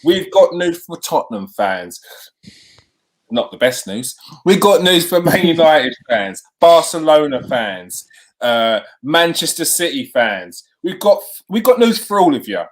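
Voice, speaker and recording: A man's voice: on the high side, a little slow. A man hosting a live show, chatting with viewers and repeating himself as he goes. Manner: lively, talks to the chat, repeats himself. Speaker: host.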